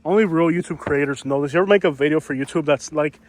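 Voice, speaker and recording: A male YouTuber walks down a storm-damaged street outdoors, vlogging in a chatty, rambling way packed with fillers. He talks quickly in a fairly high-pitched voice, and faint street noise can be heard.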